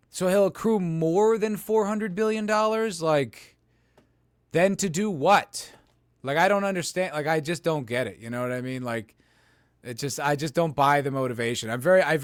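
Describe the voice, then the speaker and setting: A man's voice: on the high side, no echo, clean studio sound. A man hosting a podcast, rambling in casual political commentary and answering chat comments, full of "like" and "you know". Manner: reads viewer chat comments and answers them. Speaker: podcast host.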